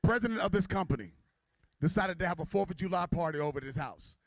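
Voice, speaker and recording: High-voiced playful emcee man. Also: animated, fast talker, dry recording, studio quality. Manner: playful, teasing the audience. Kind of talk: stand-up joke telling at a gala.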